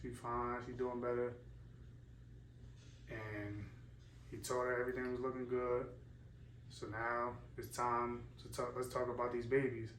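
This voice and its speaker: A young man, speaking in a low-key, understated way. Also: little pitch movement, a little slow, long pauses, a bit bright. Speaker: partner. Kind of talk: casual chat. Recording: echoey room, distant mic, faint noise.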